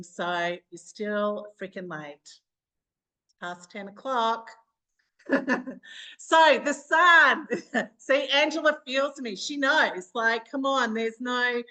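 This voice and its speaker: A woman's voice: fairly high pitch, bright, forceful tone, rough recording. Bubbly Australian woman coaching online. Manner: bubbly and chatty, laughs often. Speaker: business coach. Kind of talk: live online training session.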